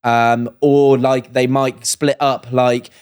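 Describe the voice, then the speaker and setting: A man's voice: medium pitch, level tone, slow pace, a little mellow, smooth. A laid-back young Australian man with a mid-range voice. He talks bluntly and casually as a podcast co-host, swearing freely and acting out other people's lines as he goes. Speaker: podcast co-host, former reality show contestant. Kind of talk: casual chat.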